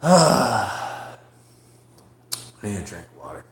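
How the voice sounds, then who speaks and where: Solo podcast host, male, slow and profane, roomy home echo. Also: lowish voice, big pitch swings. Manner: profane, rambling and frustrated. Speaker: comedian hosting a podcast. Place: room at home. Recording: roomy echoey room.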